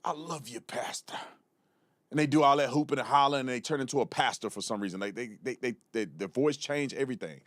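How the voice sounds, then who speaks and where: A man's voice: mid-range voice, quick pace, hardly any pauses, no echo. Blunt male political show host. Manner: blunt, mocking commentary. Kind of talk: political commentary livestream.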